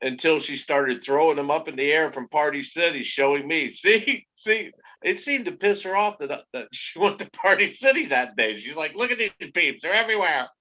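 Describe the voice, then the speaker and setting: A man chatting casually on a podcast, telling things in an animated, profane way. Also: on the high side, normal speed, few pauses. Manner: animated, profane, laughing through his telling. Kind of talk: casual chat. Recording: dull lo-fi recording.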